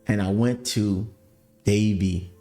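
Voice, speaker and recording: Man, podcast testimony, lively storyteller, faint music bed. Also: lowish voice, takes it slowly. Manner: animated, addresses listeners as family. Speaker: podcast host telling his story.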